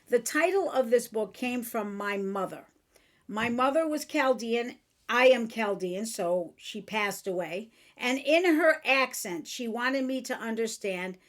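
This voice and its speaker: A woman host giving a motivational self-help talk in a somewhat high voice. She speaks earnestly and frankly. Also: lively intonation, a little slow. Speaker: podcast host and author.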